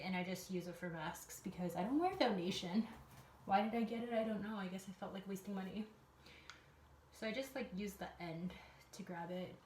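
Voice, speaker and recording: A woman's voice: medium pitch, a little hiss or hum. A young adult woman vlogging casually at home, chatty and rambling, with lots of fillers. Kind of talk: casual vlog chat.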